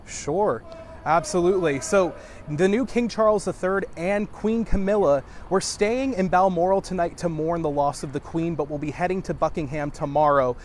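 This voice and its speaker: Guy doing live tv news on location, crisp steady anchor-style delivery, a bit of faint street hum behind. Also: sits high, moderate pace. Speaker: TV news reporter. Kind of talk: live field news reporting. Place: outdoors at news scenes.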